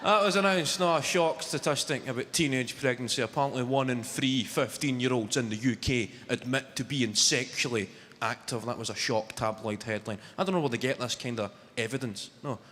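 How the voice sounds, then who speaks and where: A Glaswegian man in his twenties from Scotland performs a brash, sweary stand-up set on a large arena stage while the crowd laughs. His mid-range voice moves briskly over a little hiss or hum. The live arena recording carries long reverb and loud crowd noise.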